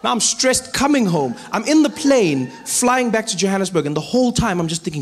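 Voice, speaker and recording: South African male comedian, animated storyteller, faint background noise. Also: high voice, a little fast, few pauses. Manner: animated, switches into voices. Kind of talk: stand-up storytelling.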